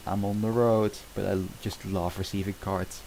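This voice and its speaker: A jittery male talking donkey, read out by a man, protesting in a flustered rush and tripping over his lines. The voice sits fairly low, close to the reader's own, with a faint hiss behind it. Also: little pitch movement, moderate pace, creaky, darkish tone, poor audio. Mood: nervous. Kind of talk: reading a film script aloud.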